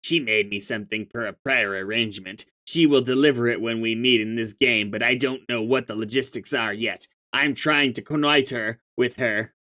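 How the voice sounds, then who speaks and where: A man's voice: mid-range voice, normal speed, hardly any pauses, sharp tone, close to an everyday voice. A man reading aloud as a pushy, profane young sea troll with schemes of his own, speaking in a mocking tone. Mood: scornful.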